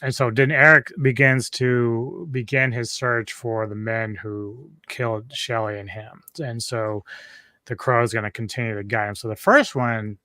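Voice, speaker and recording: A man's voice: medium pitch, steady tone, a little slow, bright, forceful tone, no room sound. A man hosting a casual film review podcast who recaps the plot in a rambling way, often restarting his sentences.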